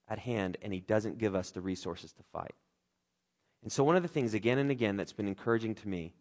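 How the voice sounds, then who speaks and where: A pastor preaches a sermon with earnest, emotionally open delivery that swings between loud urgency and soft reflection. His voice sits in the mid-range.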